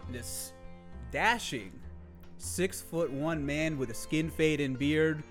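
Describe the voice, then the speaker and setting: A young man casually pitching a comedy movie idea, animated and profane, often correcting himself. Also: takes it slowly, faint music behind. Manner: animated storytelling, swears a lot, self-correcting.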